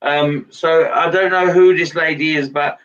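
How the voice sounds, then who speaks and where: A man working as a medium, giving a live reading to a sitter in a halting way, with many pauses and fillers. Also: a little high, fairly even intonation, a bit bright. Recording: distant mic, dull lo-fi sound.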